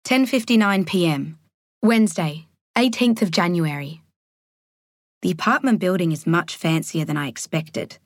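A woman narrating a thriller audiobook in a measured, deliberate way. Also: lowish voice, no room sound, clean studio sound. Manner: measured, slowing on tense moments.

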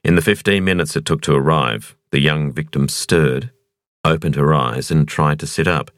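A man reading a thriller audiobook in a measured, expressive narration. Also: extremely low pitch, no room sound, clean studio sound. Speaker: audiobook reader.

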